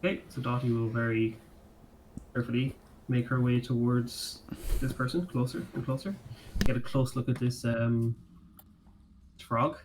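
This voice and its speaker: A man's voice: mid-range voice, steady tone, normal speed, long pauses, darkish tone, slight background noise, low-quality recording. A man who is a player, describing his character's actions in a tabletop game. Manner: mixes narration with in-character lines.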